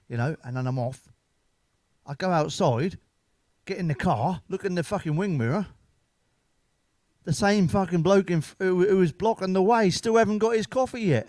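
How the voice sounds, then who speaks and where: A man's voice: high voice, normal speed, a little mellow, no echo. Sweary man telling jokes. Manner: sweary, blunt, laughing at his own jokes. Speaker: stand-up comedian. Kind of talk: casual stand-up storytelling.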